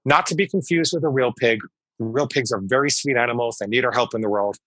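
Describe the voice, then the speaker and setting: A man's voice: medium pitch, a little fast, a bit bright, dry recording, poor audio. A man in his fifties, a psychologist guest in an interview, explaining things emphatically and repeating key phrases. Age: 50s. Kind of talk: conversational interview storytelling.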